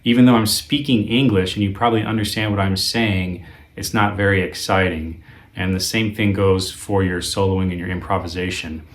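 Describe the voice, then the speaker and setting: A man teaching a guitar lesson in a relaxed, conversational way, with frequent ums and uhs. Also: low-pitched, normal speed. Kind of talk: video lesson.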